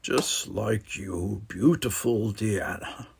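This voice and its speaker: A man doing a slow, purring alien flirt. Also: lowish voice, creaky, slight background noise. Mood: seductive. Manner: slow, murmuring, seductive. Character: smooth-talking handsome alien flirt, vain.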